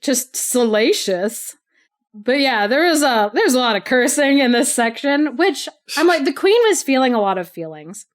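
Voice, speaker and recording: A woman's voice: high-pitched, animated, moderate pace. A woman co-hosting a podcast, casually retelling a story with lots of "like" and frequent laughter. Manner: chatty, laughs often, heavy use of "like". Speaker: podcast co-host.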